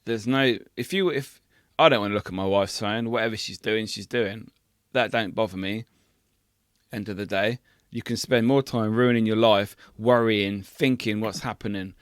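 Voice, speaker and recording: A man's voice: lowish voice, moderate pace, clean tone, dry recording, clean studio sound. A man co-hosting a podcast, bantering with laughter and swearing. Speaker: podcast co-host. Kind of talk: casual chat.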